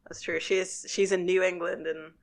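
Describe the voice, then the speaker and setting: A woman co-hosting a podcast, casually talking through a TV episode, relaxed and quick to giggle. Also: lowish voice. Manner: relaxed, giggly, thinks aloud. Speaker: podcast co-host. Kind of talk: casual chat about a TV episode.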